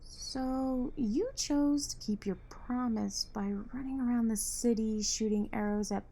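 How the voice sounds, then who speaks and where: A woman voicing a wary young female street vigilante who talks softly with dry teasing. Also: fairly high pitch, a little slow, slight background noise. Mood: wry. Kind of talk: fan audio drama.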